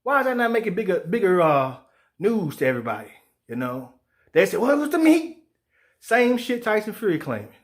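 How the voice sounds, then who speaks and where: A fired-up man rants about boxing, swearing freely. His voice sits high for a man. He keeps slipping into mocking put-on voices for the people he quotes. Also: brisk. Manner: profane, animated, acts out quoted voices. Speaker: sports show host. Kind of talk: heated boxing commentary rant.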